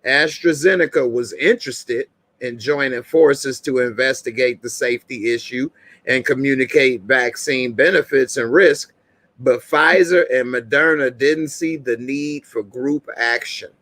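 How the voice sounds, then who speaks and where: Middle-aged male host, casual and chatty, mid-pitched voice, dry close recording. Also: unhurried, a bit bright, no echo. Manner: laid-back, chatty, laughs often, talks to viewers. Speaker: show host. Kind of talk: casual live-stream commentary.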